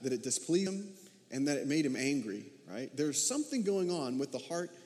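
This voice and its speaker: A pastor with a fairly high, darkish voice preaches a sermon in a conversational, sing-song way at a moderate pace. He keeps turning to the congregation with rhetorical questions, and a long reverb suggests a large hall.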